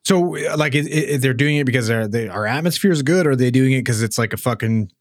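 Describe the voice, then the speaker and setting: A man's voice: medium pitch, fast talker, no room sound, clean studio sound. A man on a casual podcast, throwing in sardonic, profane wisecracks.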